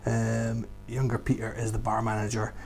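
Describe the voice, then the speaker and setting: A man's voice: fairly low pitch, monotone, moderate pace, gravelly, darkish tone, faint music behind. A man working as a whisky tour guide, talking through favourite whiskies in a casual, enthusiastic and emphatic vlog recorded indoors at home. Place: indoors at home beside a shelf.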